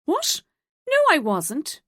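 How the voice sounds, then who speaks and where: A woman's voice: mid-range voice, very animated, normal speed, no echo, clean studio sound. A woman narrator voicing a catty, sneering woman office gossip with an affected South Dublin accent. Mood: spiteful.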